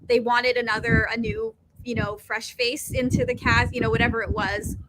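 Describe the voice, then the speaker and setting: A woman's voice: on the high side, flat delivery, normal speed, background noise. A woman chatting casually as a panel guest on a video call from a house, full of "like" fillers.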